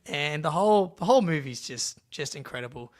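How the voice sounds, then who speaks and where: A man co-hosting a casual sports podcast, animated and swearing casually as he chats. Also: a little high, fairly quick. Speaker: podcast co-host.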